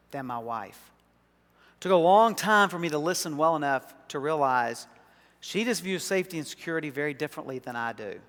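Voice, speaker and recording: A man from South Arkansas with a Southern accent, preaching a sermon in a folksy, emphatic way that grows louder on key points. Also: a little high, in a large hall. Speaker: pastor. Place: church sanctuary.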